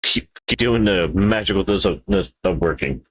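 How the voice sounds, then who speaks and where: A man with a notably deep voice narrates his own work in loose, casual stream talk. He wanders off into playful self-talk and small word jokes between steps. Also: expressive, moderate pace. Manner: rambling, playful self-talk with wordplay asides. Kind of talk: casual live-stream talk while 3D modeling.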